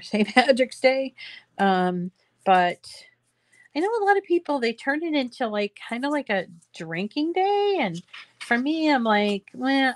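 A woman's voice: mid-range voice, no room sound. A woman talks her viewers through a craft project in an easygoing, rambling way, full of little fillers. She takes her time over each phrase. Her voice sits dry and close, with no room sound around it. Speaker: craft show host. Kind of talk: casual craft tutorial livestream.

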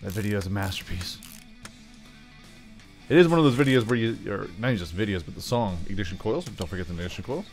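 A man's voice: on the low side, animated, fast talker, soft background music. A man giving casual, rambling commentary over a game, full of playful asides. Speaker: gaming YouTuber.

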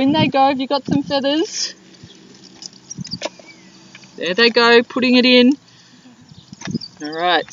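An Australian woman, a primary school teacher, reading a picture book aloud to young children in a playground, speaking warmly and encouragingly. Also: fairly high pitch. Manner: warm, encouraging, slow and clear. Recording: dull lo-fi with wind noise outdoors.

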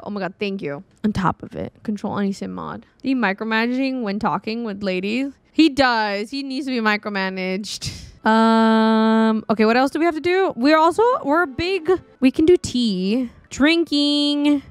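A woman giving casual, chatty commentary while streaming a life-sim game, exclaiming and reacting loudly. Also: a little high, no room sound. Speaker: gaming streamer. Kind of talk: casual let's-play commentary. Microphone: desktop studio mic.

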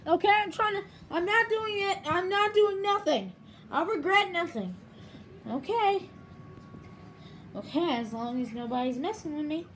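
A woman with a very high, lively voice acts out toy scenes, jumping between voices with excitable outbursts. A faint hiss sits under the recording. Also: a little slow, pauses often. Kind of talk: toy play with character voices.

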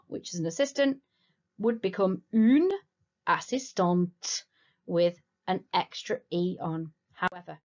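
A woman teaching a recorded school French lesson, explaining patiently and slowing down to say the French words clearly. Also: medium pitch. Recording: slightly dull lo-fi recording.

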